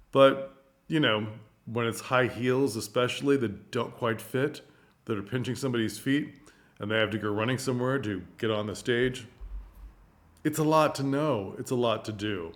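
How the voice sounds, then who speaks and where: A man talks casually to camera in a mid-range voice and explains practical tips. His delivery is expressive and thinks aloud, and his pitch leaps up on the points he stresses. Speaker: presenter giving advice to theatres.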